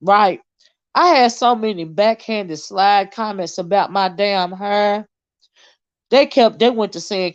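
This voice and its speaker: A woman's voice: mid-range voice, normal speed, no room sound, highs cut off. Blunt, cussing woman livestreamer. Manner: blunt, swears freely, repeats herself. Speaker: livestream host reading chat. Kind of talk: casual livestream chat.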